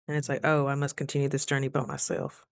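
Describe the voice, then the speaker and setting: A woman's voice: rumbling low, completely flat delivery, quick pace, creaky, clear, resonant tone, dry recording. A woman talking through a casual diary vlog, earnest and reflective, sometimes close to tears. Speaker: vlogger.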